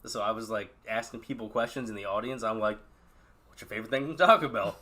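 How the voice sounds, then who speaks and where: A man's voice: fairly low pitch, quick pace, bright, forceful tone. A man co-hosting a podcast, telling funny stories in a casual chat and laughing at them. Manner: laid-back storyteller who laughs at his own stories. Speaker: podcast co-host.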